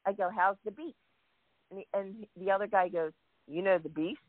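A woman tells stories in an easy, chatty way, acting out what people said and clearing her throat now and then. Her voice comes over a thin, phone-like line, with no room sound around it. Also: medium pitch, normal speed, no echo. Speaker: guest wrestling fan. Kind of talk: casual storytelling chat. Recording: tinny phone line, dry.

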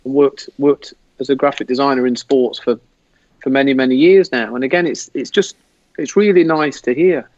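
A man's voice: medium pitch, moderate pace, dry recording, dull audio. A man with an English accent telling a rambling, laughing story as a podcast guest. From England. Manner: rambling, laughing, animated retelling. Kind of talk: casual storytelling. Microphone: video call.

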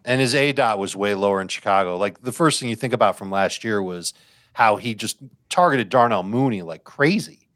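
A man discussing fantasy football picks in casual chat, thinking his opinions through out loud. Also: fairly low pitch, expressive, a little fast, no echo, studio quality.

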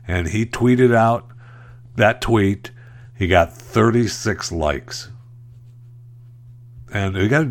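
A man hosts his podcast alone, talking casually about the day's stories. His voice sits very low and deep. He keeps slipping into mocking, sarcastic asides. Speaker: podcast host. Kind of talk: casual solo commentary.

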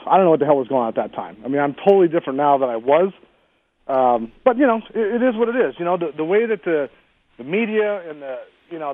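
Brief: man in his 40s, guest calling in over a tinny phone line, quick, blunt, fiery delivery with a slightly raised pitch. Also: dry recording. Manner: blunt, fiery, swears freely. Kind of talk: casual interview chat.

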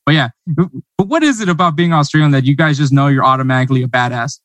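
A man's voice: medium pitch, fast, a bit bright, no room sound. American male host, chatty, laughs often, dry close sound. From United States. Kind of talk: casual interview chat.

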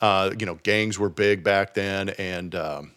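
A man from Southern California, a former baseball player, telling an animated story in casual podcast chat with plenty of fillers. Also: deep voice, unhurried.

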